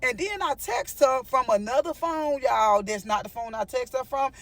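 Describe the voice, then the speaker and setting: A woman telling a story to her viewers in a casual, animated vlog, with frequent asides to them. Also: high-pitched, normal speed. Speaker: storyteller vlogger.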